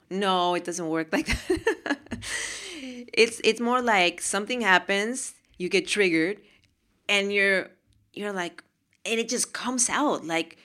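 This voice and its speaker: Animated, emphatic woman podcaster. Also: fairly low pitch, takes it slowly. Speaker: podcast host. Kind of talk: casual motivational monologue.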